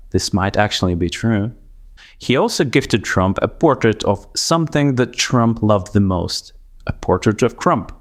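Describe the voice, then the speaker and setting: Low-voiced man with a Russian accent. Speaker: commentary video host. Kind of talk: scripted commentary narration.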